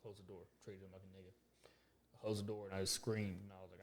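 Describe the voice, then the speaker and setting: Low-voiced and quick, he's a podcast co-host recounting a tale in crude, easygoing chatter. He brings the story to life by voicing the quotes himself.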